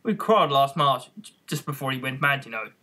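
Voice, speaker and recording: A quarrelsome, rude Hatter grumbles and scoffs, voiced by a reader. His husky voice jumps about with lively pitch, ever contemptuous in this storybook reading. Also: a little fast. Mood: grumbling. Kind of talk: amateur audiobook reading.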